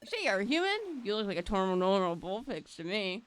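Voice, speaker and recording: A woman's voice: mid-range voice, big pitch swings, brisk, lightly acted. A woman voicing an earnest, anxious young male creature sidekick from a game, reading his lines aloud. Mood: surprised. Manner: pleading, worried.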